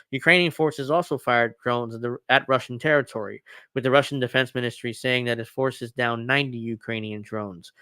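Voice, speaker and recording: A man's voice: medium pitch, a bit bright, clear, resonant tone, no echo. A man hosting a casual political commentary show, reading news articles aloud and riffing on them sarcastically. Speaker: podcast host.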